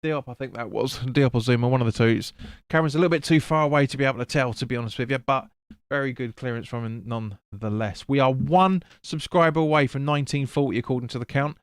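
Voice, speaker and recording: A man talks through a live football match for his stream, loose and chatty, tripping over names and swearing now and then. His voice is smooth and clear at a middling pitch. The close microphone gives a dry sound with no room around it. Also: quick pace, no room sound. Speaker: fan stream host. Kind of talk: live football watch-along commentary.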